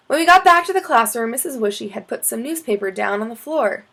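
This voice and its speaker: A woman reading a children's chapter book aloud in an expressive storytelling manner. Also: fairly high pitch, brisk, vocal fry. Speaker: storybook reader.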